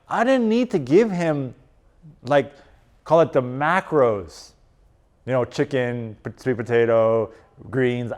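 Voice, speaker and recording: A man coaching a live audience in a casual, animated presentation. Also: mid-range voice. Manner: casual and animated, lots of "like" and "right?". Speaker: strength and performance coach. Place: conference room.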